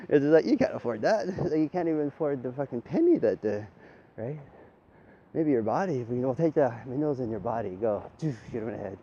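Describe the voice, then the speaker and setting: A man wanders through a loose monologue, swearing freely and ending thoughts with a questioning "right?". His voice sits at an ordinary middle pitch. Faint background noise stays under him. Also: big pitch swings, brisk, warm tone, dull audio. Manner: rambling, profane, tags lines with "right?", laughs often. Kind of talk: rambling monologue.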